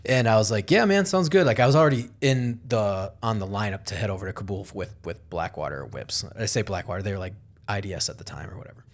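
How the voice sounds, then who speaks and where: A man's voice: fairly low pitch, fast. A man hosting a podcast, chatting casually and animatedly, swearing often and acting out quotes. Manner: animated, swearing, quoting others in lively voices. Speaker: podcast host. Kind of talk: casual chat.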